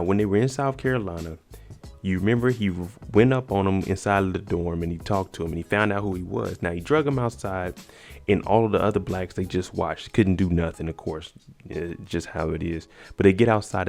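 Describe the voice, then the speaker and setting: Man, casual TV recapper, deep and mellow voice, faint music bed. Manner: casual, conversational retelling with slang. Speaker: TV episode recapper.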